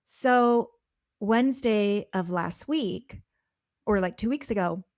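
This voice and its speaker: A young adult woman hosting a podcast, telling a personal story at home in a casual, animated way with many fillers. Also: mid-range voice, slow, no room sound, clean studio sound. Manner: animated, chatty, lots of "like" fillers. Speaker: podcast host.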